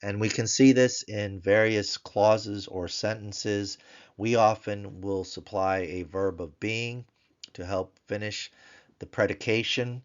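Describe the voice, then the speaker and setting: Man, low voice, very slow teaching pace, repeats words for practice, dull lo-fi recording. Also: steady tone. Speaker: language teacher. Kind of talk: recorded grammar tutorial. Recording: dull lo-fi sound.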